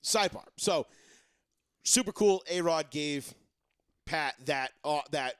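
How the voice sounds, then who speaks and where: A man hosting a sports talk show, talking casually and excitably, rambling and swearing often. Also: fairly high pitch, takes it slowly, smooth, no echo, clean studio sound. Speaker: sports radio host.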